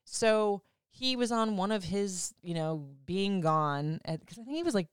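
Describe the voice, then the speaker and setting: A woman's voice: mid-range voice, animated, a little slow, clear, resonant tone, no echo, clean studio sound. A woman hosting a podcast, telling a personal story in a chatty, casual way, swearing freely and using "like" often. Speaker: podcast host.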